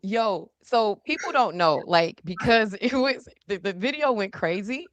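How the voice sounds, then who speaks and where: A woman's voice: mid-range voice, lively intonation, measured pace, lo-fi sound, heavy background noise. A woman hosting a podcast as a journalist, chatting casually in a studio with loose, laughing asides. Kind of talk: casual chat.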